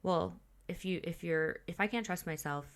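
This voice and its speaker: A woman's voice: lowish voice, normal speed. A woman in her thirties from Illinois, co-hosting a podcast in casual chat, candid and swearing freely with lots of fillers. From Illinois, USA. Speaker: podcast co-host.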